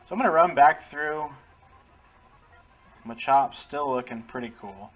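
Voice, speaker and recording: In an unhurried, slightly high and somewhat bright voice, a man hosts a gaming channel's let's-play. His commentary is casual and chatty, full of laughter and remarks aimed at the characters on screen.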